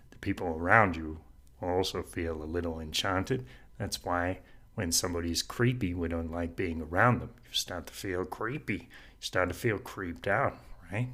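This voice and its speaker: A man hosting a podcast, talking through an idea in a reflective solo monologue, earnest and unhurried, with frequent soft laughs. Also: low-pitched. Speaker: podcast host.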